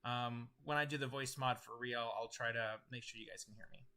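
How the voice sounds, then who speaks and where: A man's voice: mid-range voice, fairly even intonation, fairly quick, bright, forceful tone, clean tone. A man running a tabletop game as game master, thinking aloud as he tallies dice rolls. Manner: thinks aloud while tallying dice, with many fillers.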